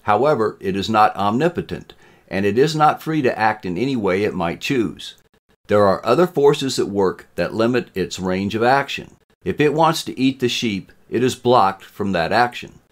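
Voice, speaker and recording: A man voicing a composed young male student who explains his point calmly. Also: lowish voice, normal speed, lightly acted. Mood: reasoning. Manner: calm, explanatory.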